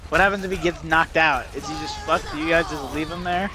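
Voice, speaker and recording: Young man, slightly high pitch, playful teasing banter while gaming. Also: steady tone, a little fast, music in the background, poor audio. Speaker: gamer chatting with friend. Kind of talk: casual chat.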